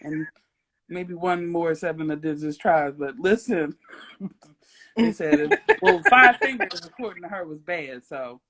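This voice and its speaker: A woman's voice: on the low side, animated, a little slow, crowd noise. A young adult woman hosting a casual livestream interview, playful and rambling, breaking into giggles and silly sound effects. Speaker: host.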